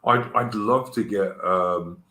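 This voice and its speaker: A man's voice: on the low side, slow pace, sharp tone, a little hiss or hum. A man with a light Cockney accent hosting a casual chat, talking with enthusiasm and stumbling over restarts. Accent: light London Cockney. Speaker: host. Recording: roomy echo.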